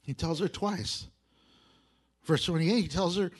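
A male pastor preaching a sermon to his congregation, animated and often laughing as he talks. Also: high-pitched, measured pace, long pauses.

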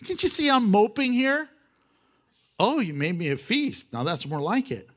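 A man's voice: high voice, big pitch swings, normal speed, a bit bright, voice pushed up, full character voice. A man voicing a sulky, self-pitying king who whines about his meal. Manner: whiny, sulky.

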